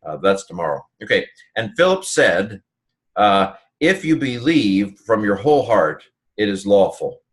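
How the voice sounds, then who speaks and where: A man's voice: fairly low pitch, very animated, measured pace. A man teaching a casual Greek grammar lesson on a Bible passage, talking loosely with many fillers and restarts.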